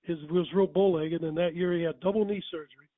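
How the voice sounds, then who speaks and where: Older man, rambling casual storyteller, self-correcting, high-pitched, tinny sound. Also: fairly even intonation, quick pace.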